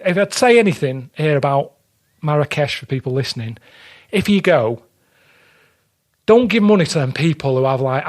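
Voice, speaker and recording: A man telling a story in a blunt, grumbling way, acting out the people in it, in casual chat. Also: fairly high pitch. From England. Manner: blunt, grumbling storyteller, acts out quoted exchanges. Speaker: podcast guest.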